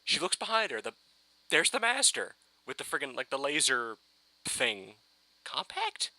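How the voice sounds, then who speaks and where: A man ranting excitedly in a casual fan review, rambling and swearing with many restarts. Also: a little high, unhurried, no room sound, low-quality recording.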